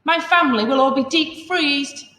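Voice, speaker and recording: A woman's voice: high-pitched, normal speed, pushed and bright, reverberant, long reverb tail, voice pushed up. A woman voicing a worried male monkey father in a storybook reading. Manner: worried, exclaiming.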